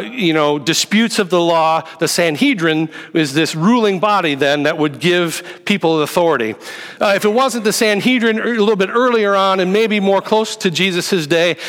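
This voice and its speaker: A man's voice: high-pitched, a bit bright. A man preaching a sermon as pastor, teaching in a conversational way with rhetorical questions to the congregation. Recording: long hall reverb.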